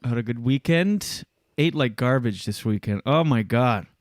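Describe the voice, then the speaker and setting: A man's voice: mid-range voice, animated, normal speed, no echo. French guy hosting a podcast, rambly and jokey, dry close mic. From Atlantic Canada. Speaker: podcast host. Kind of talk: casual chat.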